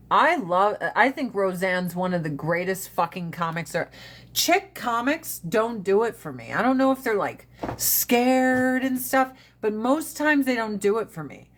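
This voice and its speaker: Blunt, foul-mouthed woman livestreaming. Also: a little high. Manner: blunt, profane and animated. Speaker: livestream host. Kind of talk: casual livestream chat.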